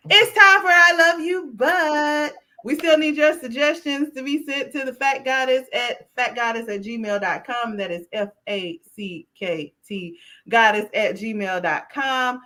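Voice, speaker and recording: A woman co-hosting a podcast with a somewhat high voice. She talks in a lively way and moves the chat along from segment to segment. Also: measured pace. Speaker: podcast co-host.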